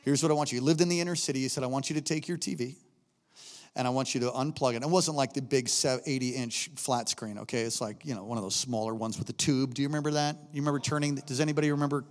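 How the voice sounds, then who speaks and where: A man preaching a sermon, telling stories with acted-out voices and swinging between quiet asides and loud, shouted peaks. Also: medium pitch, fast talker, long reverb tail. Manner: animated storytelling, acts out characters, shifts between quiet asides and shouting.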